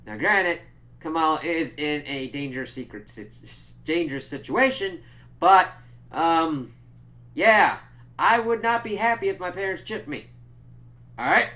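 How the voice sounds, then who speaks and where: A man's voice: fairly high pitch, lively intonation, measured pace, pushed and bright. A young man giving a casual spoiler review of a TV episode, rambling and sarcastic, swearing constantly. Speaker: TV show reviewer.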